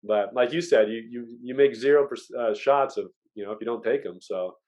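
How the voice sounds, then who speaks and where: A man chatting as a podcast guest, telling lively stories and acting out what people said. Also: mid-range voice, fairly quick. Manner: lively storyteller who acts out quotes. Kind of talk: casual chat.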